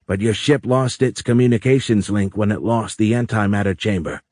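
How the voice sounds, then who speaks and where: A man's voice: fairly low pitch, normal speed, a little mellow, no room sound, clean studio sound, natural voice. A man playing a grieving Air Force major, earnest and plain-spoken, in an audiobook. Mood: puzzled.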